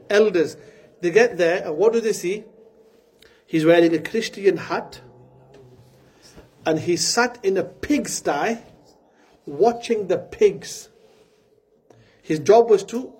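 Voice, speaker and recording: A man preaching a sermon, telling a story earnestly and breaking into quick Arabic recitation. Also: fairly high pitch, a little mellow, breathy edge.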